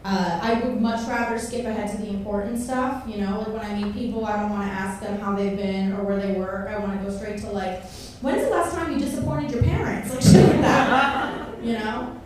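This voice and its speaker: A woman's voice: medium pitch, fairly even intonation, brisk, darkish tone. A woman from Miami doing a crude stand-up set in a comedy club, laughing at her own jokes. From Miami, Kendall. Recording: echoey club from far off, noisy.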